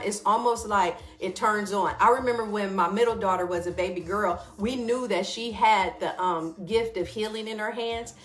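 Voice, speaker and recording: A woman's voice: medium pitch, a bit bright, reverberant. A middle-aged woman hosting a casual spoken reflection and guided practice, often checking in with her listeners. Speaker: wellness teacher and host.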